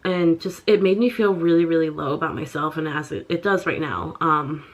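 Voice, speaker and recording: A young woman vlogging in a halting, upset way, full of pauses and fillers. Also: sits low. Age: young adult. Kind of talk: personal confessional vlog.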